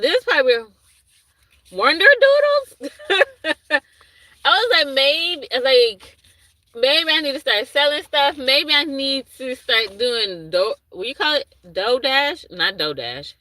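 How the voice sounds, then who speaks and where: Her voice sits high with a sharp tone as this livestream host, who has a young son, reads out chat comments and responds, rambling casually and losing where she was. The recording is dry and low in quality.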